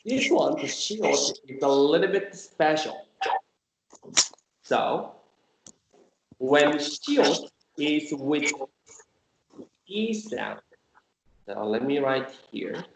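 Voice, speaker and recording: A man teaching Korean in an online class, explaining slowly and patiently and repeating example sounds. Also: fairly high pitch, sing-song, creaky. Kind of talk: online language lesson. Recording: echoey room with faint noise.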